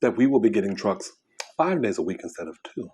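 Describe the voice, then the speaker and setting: A man vlogging casually while he eats, rambling and pausing mid-sentence as he chews. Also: on the low side, very animated, warm tone, slight background noise. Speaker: mukbang vlogger. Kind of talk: casual chat while eating.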